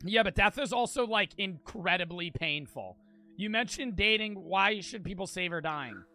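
Young male streamer, high, sharp voice, brash and profane. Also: moderate pace, faint music behind. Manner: loud, brash, swearing, jokey. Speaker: gaming streamer. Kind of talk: casual streaming commentary.

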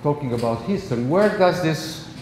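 A man's voice: fairly high pitch, lively intonation, moderate pace, a little mellow. A male university professor with an Italian accent giving a classroom lecture, conversational and checking in with the class often. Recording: echoey lecture hall, faint noise.

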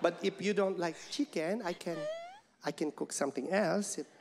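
A man voicing an indignant older mother, scolding in a low drawl on a stand-up stage with loud audience noise behind him. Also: normal speed, gravelly, in a large hall. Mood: flustered. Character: sharp-tongued older Filipino mom, indignant.

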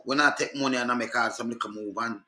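A Jamaican man gives casual commentary while vlogging on the spot, fast and with a steady tone in a medium-pitched, pushed and bright voice. He's insistent and repetitive, repeatedly checking in with the viewer. The sound is roomy.

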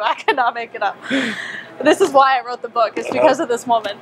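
A young woman telling a personal story to a small group, animated and chatty, acting out her own thoughts and saying "like" a lot. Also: fairly high pitch, fairly quick, a little hiss or hum. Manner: animated, acts out her own inner voice, frequent "like". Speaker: wellness speaker. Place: small meeting room with a group.

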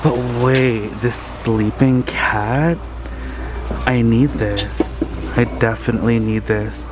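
A man hosting a casual vlog, gushing and excitable, talking straight to viewers while filming on a handheld camera. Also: medium pitch, slow pace, noisy background. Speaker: vlogger host. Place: thrift store, then home kitchen.

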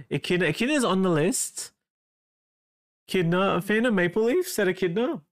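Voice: mid-range voice, normal speed, pauses often. Chatty Australian artist on a livestream. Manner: chatty, bursts of excitement when reading chat, muttering while drawing. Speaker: artist streaming a drawing session. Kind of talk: casual livestream chat.

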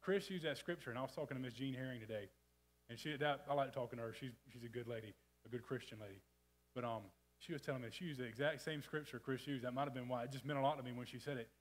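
Fast-talking preacher man. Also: medium pitch, poor audio. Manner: folksy, rapid, with frequent restarts and asides. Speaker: church speaker. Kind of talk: casual sermon. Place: church sanctuary.

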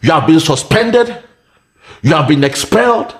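A man's voice: fairly high pitch, very animated, measured pace. A Nigerian man giving mocking commentary, laughing and taunting in a sing-song way. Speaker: online commentator.

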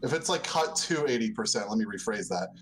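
A man's voice: lowish voice, expressive, a little fast, over music, rough recording. A man co-hosting a casual gaming chat, laid-back and joking, swearing casually.

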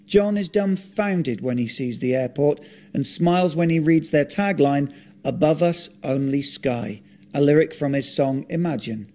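Deadpan man reading his script. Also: on the high side, moderate pace. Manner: deadpan, blunt comic asides. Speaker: author narrating his own script. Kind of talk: reading a script aloud, narration and dialogue.

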